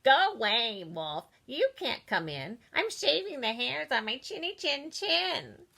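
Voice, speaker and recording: A woman's voice: high-pitched, big pitch swings, unhurried, vocal fry, pushed and bright, voice pushed up, full character voice. A woman voicing rude little male pigs in a children's story, snapping indignant retorts.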